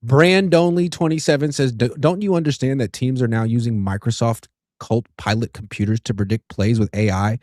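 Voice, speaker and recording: A man's voice: medium pitch, brisk, darkish tone, no echo, studio quality. A man in his thirties hosting a casual sports talk show, reading viewer comments in an easygoing way. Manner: easygoing, reads super chats aloud.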